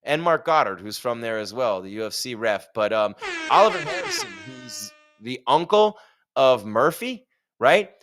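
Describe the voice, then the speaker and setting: A man's voice: mid-range voice, big pitch swings, moderate pace, a bit bright. A man hosting a live fight stream, chatting casually with jokes and rhetorical questions. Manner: reads sponsor ad.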